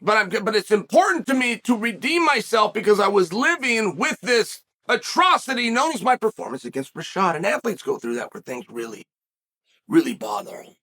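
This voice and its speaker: A man hosts a fight-sports show in a loose, storytelling way. His voice sits high and swings widely in pitch. He repeats phrases for emphasis and breaks off mid-story to give his son directions off camera. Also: sing-song, normal speed, pushed and bright. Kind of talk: casual commentary and storytelling.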